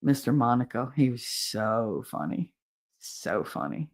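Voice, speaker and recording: A woman's voice: very deep voice, unhurried. A woman, hosting a casual livestream chat, laughing often and acting out quotes as she tells stories. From Hoboken, New Jersey. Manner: animated storyteller, laughs often, acts out quotes. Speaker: livestream podcast host. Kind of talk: casual chat reading viewer comments.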